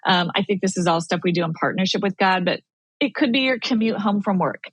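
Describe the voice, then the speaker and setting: A woman guest in a casual faith-based conversation, animated and acting out her own inner thoughts. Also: medium pitch, a little fast, no room sound. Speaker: podcast guest.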